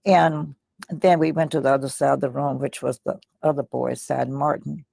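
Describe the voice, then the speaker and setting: An elderly woman with a deeply gravelly, husky voice tells her memories slowly and reflectively, often sinking almost to a whisper. The sound is close and dry, with no room echo. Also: steady tone, dark tone. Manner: slow, reflective storytelling, often dropping to a near whisper. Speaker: guest. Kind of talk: recounting personal memories in an interview.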